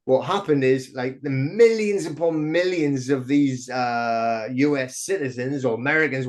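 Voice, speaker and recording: A middle-aged man talks as a podcast guest. He rambles through his stories with plenty of restarts and gets excitable. His pitch sits right in the middle. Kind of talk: casual interview chat.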